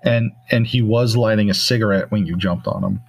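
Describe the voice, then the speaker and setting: Low-voiced man running a tabletop game. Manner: relaxed, halting, many fillers. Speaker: game master.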